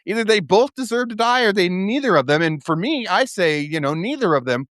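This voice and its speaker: A man's voice: sits high, lively intonation, a little fast, fairly bright tone, no room sound, clean studio sound. A man hosting his own live stream, ranting heatedly and profanely, with many restarts. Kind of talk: casual live-stream rant.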